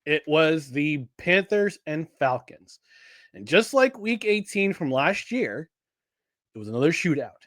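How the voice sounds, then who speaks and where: A man co-hosting a sports podcast in casual chat, animated and jokey, often restarting his sentences. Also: fairly high pitch, a little slow, no echo, studio quality. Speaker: podcast co-host.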